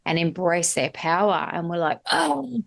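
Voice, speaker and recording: A woman's voice: on the low side, unhurried. A middle-aged woman hosting a podcast, talking candidly in casual conversation, swearing freely and laughing easily. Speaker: podcast host.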